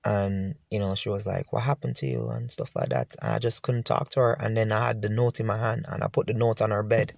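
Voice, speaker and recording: A man's voice: fairly low pitch, brisk, gravelly, hardly any pauses, dry recording, studio quality. A man telling his own painful story to the viewer, emotional and repeating himself. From Jamaica. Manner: emotional, repetitive, talks straight to the viewer. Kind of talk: personal storytelling to camera.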